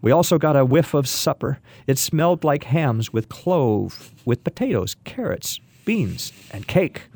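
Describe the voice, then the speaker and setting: A man narrating a story in a wry, gently humorous manner. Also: a little high, expressive, unhurried, gravelly, dry recording.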